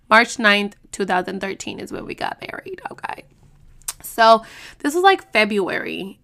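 Young woman, podcast host, bright edge to the voice, loose and profane storyteller. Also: mid-range voice, big pitch swings, measured pace, gravelly. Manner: profane, blunt, chatty. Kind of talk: casual storytelling.

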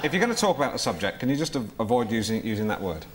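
A man's voice: mid-range voice, big pitch swings, racing, some chatter behind, lightly acted. An actor playing an awkward, self-important male chat show host who stammers and gets flustered, in 1990s TV sitcom acting. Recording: noisy old TV recording.

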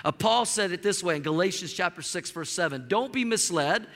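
High bright-voiced pastor telling a story in his sermon, acts out the dialogue, big church echo. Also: brisk. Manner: animated storyteller acting out dialogue. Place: church sanctuary.

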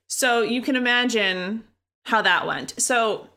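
A woman's voice: a little high, slow pace, pushed and bright. A woman in her thirties hosting a podcast in casual chat, rambling with many fillers and frequent laughter. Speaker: podcast host.

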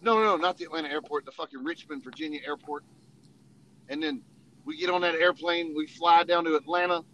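Bright-voiced man telling army stories. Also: fairly high pitch, fairly quick, slight background noise, rough recording. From Tennessee. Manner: profane, laughing, acts out voices in quotes. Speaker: army veteran storyteller. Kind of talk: casual storytelling.

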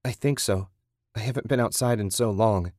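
A frightened young woman on the run, as a male narrator puts her on, her lines anxious and pleading. He lifts his voice above his low natural register, and the sound is close and dry. The woman sounds scared and begging throughout. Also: moderate pace, a little mellow, dry recording, lightly acted.

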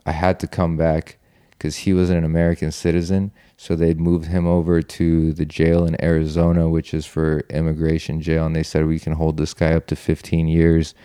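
A man's voice: rumbling low, monotone, normal speed, warm tone, clean tone, no room sound, clean studio sound. A man telling a personal story in a loose, rambling way, full of "like" and "you know", with casual swearing. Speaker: guest telling his story.

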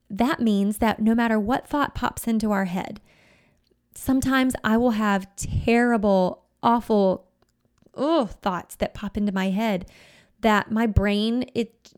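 A woman coach speaks gently and conversationally in a self-help talk, her voice sitting at a middle pitch. She talks in a relaxed way, often reaching for "you know" and "like". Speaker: life coach.

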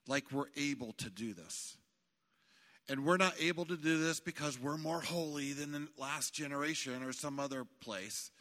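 A male pastor preaching a sermon in a church, animated and emphatic, building to shouts. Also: mid-range voice. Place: church sanctuary. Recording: long hall reverb.

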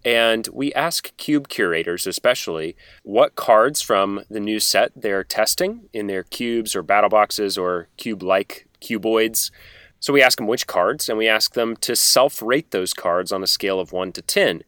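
Low, bright-toned man explaining calmly. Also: unhurried, clear, resonant tone, no echo, clean studio sound. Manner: explains at length, thoughtful. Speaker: guest. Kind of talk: casual explanation.

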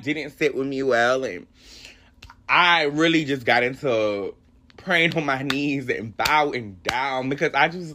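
Emotional young man, lively bright voice. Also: medium pitch, unhurried, slight background noise. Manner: emotional, rambling, heartfelt. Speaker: podcast host. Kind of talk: solo podcast, personal faith story.

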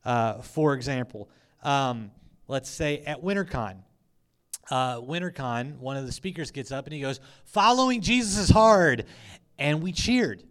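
A young man preaching a lively, conversational sermon, acting out quoted lines with many fillers. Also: mid-range voice, a little slow, smooth. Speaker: youth pastor.

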